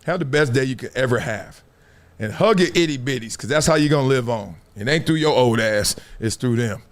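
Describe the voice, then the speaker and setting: A middle-aged man hosting a live stream, telling a story in lively, slangy casual talk to his viewers. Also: medium pitch, brisk. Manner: animated storyteller, slangy and warm toward viewers. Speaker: show host.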